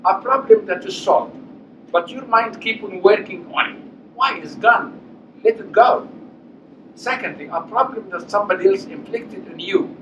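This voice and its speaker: Older man lecturing in an echoey hall. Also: high-pitched. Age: 80s. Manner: anecdotal, acts out dialogue, emphatic. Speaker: guest speaker. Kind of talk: public lecture with personal stories. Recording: echoey hall, distant mic, dull, noisy.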